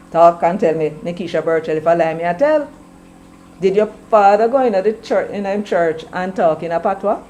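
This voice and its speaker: A woman's voice: mid-range voice, dark tone, a little hiss or hum, poor audio. A woman with a Jamaican accent giving a scolding opinion commentary, firing off rhetorical questions and slipping between English and patois. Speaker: political commentator.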